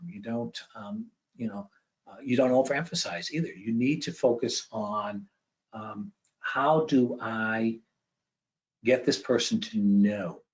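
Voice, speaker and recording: A man giving an educational presentation with slides, conversational and often checking in with a quick "okay?". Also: mid-range voice. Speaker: education speaker. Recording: dull lo-fi recording.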